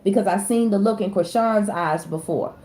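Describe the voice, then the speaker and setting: A woman's voice: mid-range voice, normal speed, mellow. A woman tarot reader, giving casual, emphatic celebrity commentary and often checking in with her viewers. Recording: echoey room, faint background noise.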